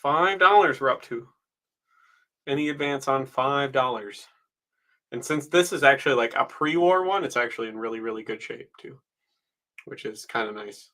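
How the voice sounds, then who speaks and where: A man's voice: medium pitch, lively intonation, normal speed, sharp tone, low-quality recording. A man auctioneering on a live stream from home, chatty and easygoing, with plenty of filler ums. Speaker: online auctioneer.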